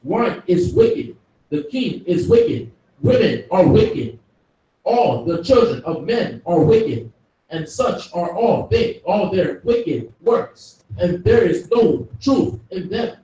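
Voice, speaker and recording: Slow, high male scripture reader, halting, distant and echoey. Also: sing-song, dark tone, dull audio. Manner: careful, halting reading with restarts. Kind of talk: reading scripture aloud. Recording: echoey hall, mic far off.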